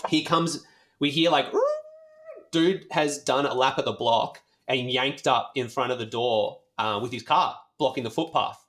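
An Australian man tells a rambling, animated story in casual conversation, swearing freely and leaning heavily on fillers. His voice is medium-pitched and his delivery unhurried.

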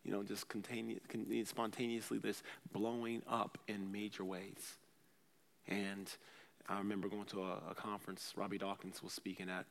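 Gravelly-voiced man preaching in a reverberant hall. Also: lowish voice, flat delivery, normal speed. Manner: conversational preaching, swinging between loud bursts and quiet asides. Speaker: pastor. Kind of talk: sermon.

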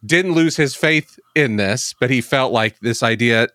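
A man's voice: mid-range voice, measured pace, fairly bright tone, no room sound. A man co-hosting a faith podcast, retelling a story in a rambling, casual way with many fillers. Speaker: podcast co-host.

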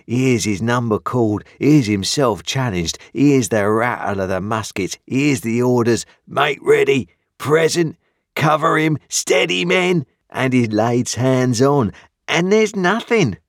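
A man voicing a ragged, starving escaped convict with gruff, rough country speech. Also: medium pitch, animated, normal speed, dry recording, clean studio sound, voice pushed up, natural voice. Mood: haunted. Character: ragged, starving, hunted older male convict.

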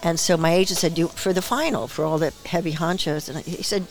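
A woman in her seventies, a guest actress and director, telling stories in a relaxed interview and acting out the voices she quotes, with frequent laughter. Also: on the low side, fast. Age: 70s. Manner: lively storyteller who acts out quoted voices, laughs often. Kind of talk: casual interview storytelling. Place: small bar.

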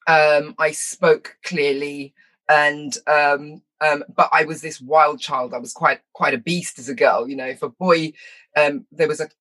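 A middle-aged woman telling stories from her childhood in an interview. She is lively and self-mocking, laughs often, and slips into quick impressions. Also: sits low. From London, England. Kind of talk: personal storytelling in conversation.

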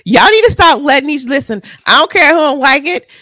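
Blunt, animated woman ranting. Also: high voice, fairly quick, no room sound. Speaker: podcast co-host. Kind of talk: casual chat.

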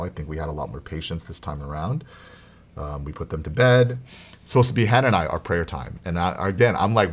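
A man talking casually and earnestly in a personal faith vlog, often checking in with "right?" and filling pauses with "um". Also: very deep voice. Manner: earnest, preachy, lots of "right?" and "um". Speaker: faith vlogger.

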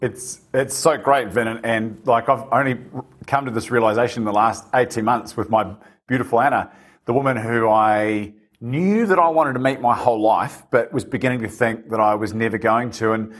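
A man, an animated and self-deprecating storyteller in casual conversation. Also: medium pitch, moderate pace.

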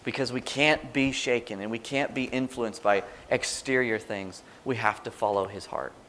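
A man's voice: medium pitch, normal speed, slight background noise. Conversational male preacher giving a sermon. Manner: conversational, animated preaching with quoted prayers.

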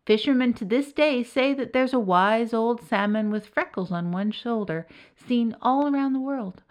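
Woman narrator, lively storybook reading. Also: fairly high pitch. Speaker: narrator and author.

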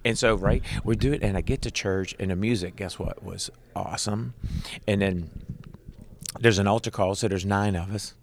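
A middle-aged man, a Christian rock musician, telling his personal testimony in an animated, conversational way. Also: fairly low pitch, normal speed, a little hiss or hum. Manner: animated, conversational, leans on "right?".

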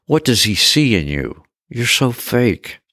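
A man's voice: mid-range voice, sing-song, slow, bright, forceful tone, no echo, studio quality, voice pushed up, heavily acted. A man voicing a jealous wife who speaks bitterly and sarcastically. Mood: irritated sarcastic.

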